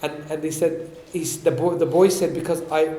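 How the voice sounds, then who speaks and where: A man giving a religious talk, explaining points and asking his listeners questions, reciting Arabic quickly before translating it. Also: a little high, steady tone, warm tone, reverberant. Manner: explains and asks the audience questions. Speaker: religious teacher. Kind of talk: sermon. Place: event hall.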